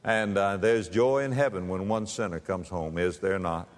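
A man preaching a sermon and reading scripture, swinging between loud high emphasis and low, quiet, drawn-out words. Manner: reads scripture aloud, drawn-out stressed words. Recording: long hall reverb.

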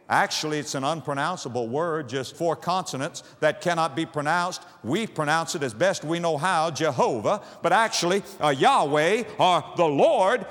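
A man preaching a sermon, telling stories and swinging from hushed low lines to loud emphatic ones. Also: in a large hall.

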